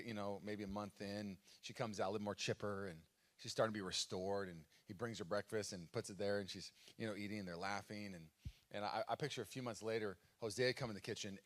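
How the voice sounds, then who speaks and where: A man's voice: lowish voice, a bit bright. A man preaching a sermon as pastor at a live church service, telling a story in a casual way with fillers.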